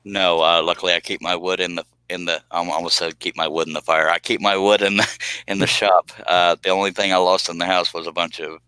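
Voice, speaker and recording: A man's voice: deep voice, level tone, brisk, bright, forceful tone, smooth, dry recording, low-quality recording. A man hosting a woodworking live stream, rambling and joking as he reads viewer comments. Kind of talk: casual live stream chat. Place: home woodworking shop.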